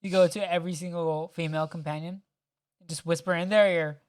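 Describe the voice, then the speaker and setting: A man's voice: fairly high pitch, steady tone, brisk, smooth. A man co-hosting a podcast, joking and swearing in casual chat, with lots of "like" fillers. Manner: joking, profane, rambling with many "like" fillers. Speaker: podcast co-host.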